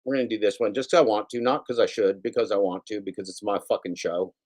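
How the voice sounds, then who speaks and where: A man's voice: fairly low pitch, steady tone, fast talker, a little mellow. A man hosting his own livestream, rambling casually with frequent swearing and self-mocking repeats. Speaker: livestream host. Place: home setup with computer.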